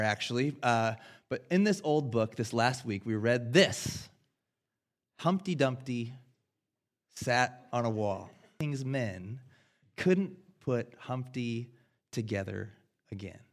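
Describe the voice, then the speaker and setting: An American man in his thirties preaching a sermon, earnest and self-deprecating, swinging between loud and hushed. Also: medium pitch, animated, slow pace, long pauses. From United States. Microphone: headset.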